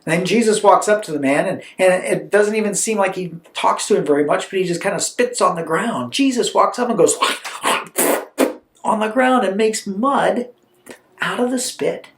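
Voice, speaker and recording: A man preaching a storytelling sermon, animated and conversational, with chatty asides. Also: high-pitched, moderate pace, a little hiss or hum. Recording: roomy echo.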